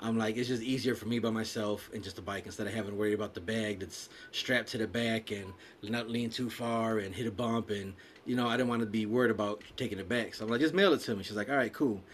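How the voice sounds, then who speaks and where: A man's voice: fairly low pitch, quick pace, few pauses, a little hiss or hum. A man in casual chat, telling a story with lots of swearing and acted-out quotes. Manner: profane, animated storyteller acting out quotes. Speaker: podcast co-host telling a story.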